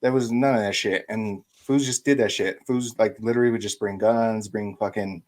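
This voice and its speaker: A man's voice: lowish voice, steady tone, moderate pace, darkish tone. A young man from Denver telling profane school stories in a casual podcast chat, laughing at his own punchlines. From Denver, USA. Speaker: podcast co-host.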